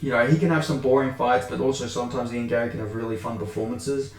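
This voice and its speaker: A man's voice: mid-range voice, fairly even intonation, fast. A man ranting casually about fighters and fans, exasperated, swearing heavily and restarting his sentences as he goes. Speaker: MMA commentary channel host. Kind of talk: casual opinion rant. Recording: echoey room.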